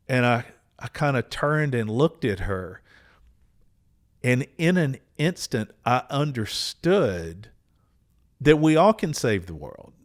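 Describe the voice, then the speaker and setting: A man in his 60s, hosting a podcast, tells a personal story in a mid-range voice. He's earnest and unhurried, making small restarts along the way.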